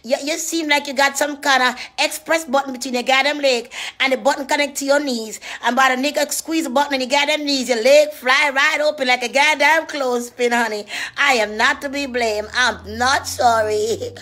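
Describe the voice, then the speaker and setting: A woman doing a profane comic rant in a preacher's manner, dropping to hushed whispers and rising to loud shouts. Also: sits high, steady tone, normal speed. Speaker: comedian.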